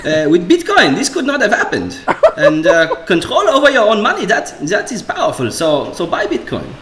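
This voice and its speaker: A man putting on an Israeli accent to play an ex-army Bitcoin shill, pitching haltingly with many fillers. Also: wildly swooping pitch, fairly bright tone, roomy sound, slight background noise, heavily acted. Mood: earnest.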